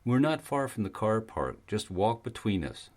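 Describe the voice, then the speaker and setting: A man reading a calm male climber who speaks comfortingly. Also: on the low side, moderate pace. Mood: reassuring.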